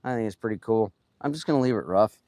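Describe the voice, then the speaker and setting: A man who carves wood with a chainsaw chats casually on a live stream as he works, rambling and trailing off with plenty of fillers. His voice is lowish and darkish in tone, the pace is quick, and there's no echo.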